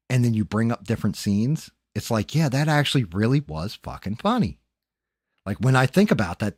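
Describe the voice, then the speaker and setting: A man's voice: fairly low pitch, slightly rough, dry recording, studio quality. A man hosting a late-night livestream, chatting loosely with frequent swearing and thanking viewers by name. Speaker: livestream host.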